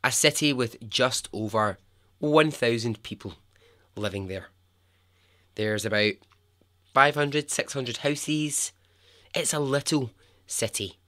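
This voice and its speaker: Unhurried Scottish man telling stories. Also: medium pitch, bright, forceful tone. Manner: playful, chatty, laughs often. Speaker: podcast host. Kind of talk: casual storytelling.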